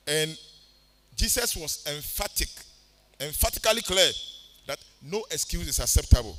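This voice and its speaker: High-voiced Ghanaian preacher, sing-song. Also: male voice, animated, moderate pace, long pauses, a bit bright. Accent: Ghanaian English. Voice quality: sing-song preaching cadence, switching between English and Twi. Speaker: pastor. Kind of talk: sermon.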